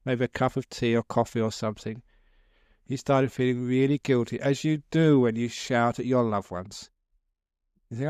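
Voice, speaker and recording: A man's voice: mid-range voice, darkish tone, clean tone, dry recording, clean studio sound. A man, a Buddhist monk, giving a humorous, story-filled dharma talk to a live audience, chuckling and chatting as he goes. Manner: jokey, chuckling, conversational.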